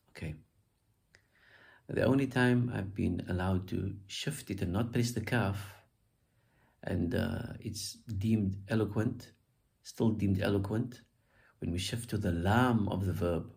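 A man with a low, gravelly voice leads a spoken recitation tutorial. His tone is mellow and unhurried. He repeats syllables again and again to demonstrate stress. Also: steady tone. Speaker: recitation teacher.

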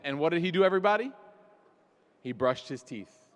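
High-voiced man preaching in an echoey hall. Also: animated, brisk. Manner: storytelling with self-deprecating jokes. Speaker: speaker. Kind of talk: religious talk at a gathering. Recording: long hall reverb.

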